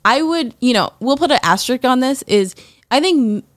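A woman's voice: high-pitched, lively intonation, brisk, no room sound, studio quality. A woman in casual conversation, thinking aloud and asking rhetorical questions, often saying "you know".

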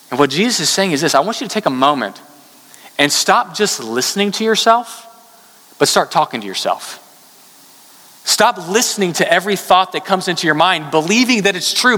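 Man, pastor's sermon, bright ringing tone, long echo. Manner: earnest, rises in pitch for emphasis.

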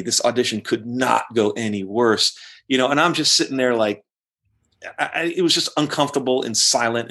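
Profane, animated rock guitarist telling stories. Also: male voice, medium pitch. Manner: animated, profane, acts out quotes in raised voice. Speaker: interview guest, rock guitarist. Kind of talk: casual storytelling interview.

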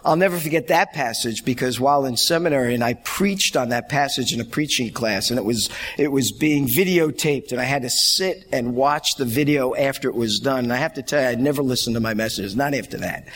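A man's voice: mid-range voice, a bit bright, slight background noise. A middle-aged man preaching a sermon, telling stories animatedly and laughing along. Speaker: pastor.

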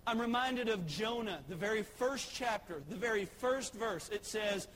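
A man's voice: high-pitched, moderate pace, hardly any pauses, fairly bright tone, slight background noise. A man, a pastor preaching a sermon in a church sanctuary, emphatic and repeating key phrases.

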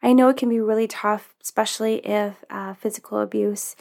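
Her voice is medium in pitch, creaky and a little mellow, with fairly even intonation and a fairly quick pace. The vlogger earnestly advises viewers in a casual talk to camera, full of "um"s and "you know"s.

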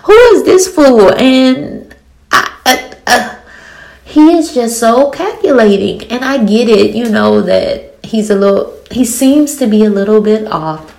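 A woman in her forties with a thick Louisiana accent, giving a blunt, animated, swearing recap of a TV episode full of rhetorical questions. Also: fairly high pitch, measured pace. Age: 40s. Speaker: TV show reviewer. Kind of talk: casual episode recap and commentary.

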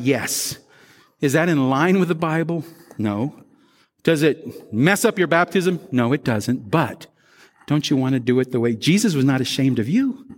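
A man preaching a sermon as pastor, animated, acting out the worries of churchgoers. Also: high-pitched, big-room sound.

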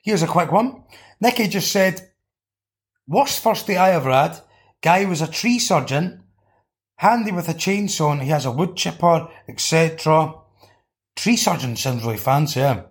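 A man's voice: on the high side, animated, normal speed. A Scottish man hosting a podcast, swearing and riffing jokingly as he reads out listeners' comments. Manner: sweary, joking riffs while reading out comments. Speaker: podcast host. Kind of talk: casual comedic chat.

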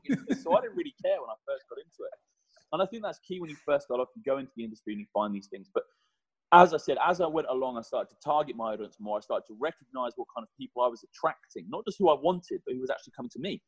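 Guest: quick, husky man in his thirties, lively chatty delivery, dry sound. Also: a little high, dry recording, low-quality recording. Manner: animated, chatty, swears mildly. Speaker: guest, personal trainer. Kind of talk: podcast conversation.

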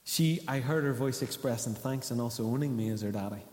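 Preaching fairly fast, a pastor with a darkish, medium-pitched voice addresses his congregation in a conversational style and asks them questions. The church hall gives the recording a noticeable echo.

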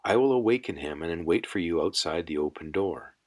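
A man's voice: deep voice, animated, fairly quick, a little mellow. A man reading an audiobook, voicing a stern male prison guard who speaks curtly.

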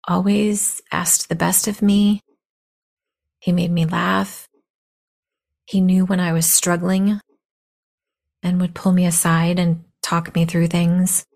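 A woman's voice: fairly low pitch, a little mellow. A woman in her fifties hosting a podcast, telling a personal story in a blunt, candid way, her voice scratchy from a cold. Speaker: podcast host.

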